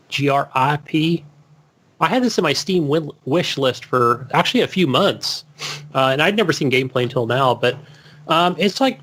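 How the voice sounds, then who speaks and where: A man's voice: medium pitch, a bit bright. A man co-hosting a casual gaming podcast, talking hesitantly with many "like" and "you know" fillers. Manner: hesitant, full of fillers and restarts. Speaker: podcast co-host.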